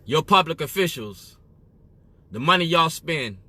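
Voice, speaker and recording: Guy from illinois ranting to camera, keeps saying you feel me, bright tense voice. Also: fairly high pitch, animated, a little slow, dry recording. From Waukegan area, Illinois, US. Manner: emphatic, repeats "you feel me". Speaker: activist. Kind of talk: direct-to-camera monologue.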